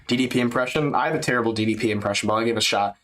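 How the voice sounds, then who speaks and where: A man's voice: mid-range voice, racing, fairly bright tone, poor audio. Slangy American streamer man. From United States. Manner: loose, slangy, rambling, laughs often. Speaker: livestream fight-companion host. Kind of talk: casual livestream chat.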